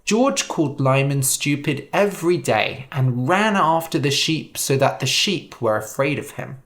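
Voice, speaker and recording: Slow, lively storybook narrator. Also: mid-range voice. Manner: slow, clear, expressive reading. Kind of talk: storybook narration for English learners.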